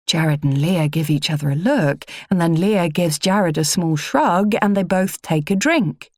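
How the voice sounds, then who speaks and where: A woman reading a first-person audiobook in a measured, low-key delivery. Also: animated, darkish tone, dry recording, studio quality. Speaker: audiobook narrator.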